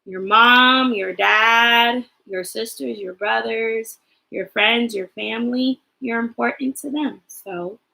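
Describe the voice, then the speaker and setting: Upbeat woman teacher with gravelly brightness. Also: a little high, low-quality recording. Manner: encouraging, spells words slowly for children to repeat. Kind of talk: livestreamed kindergarten lesson.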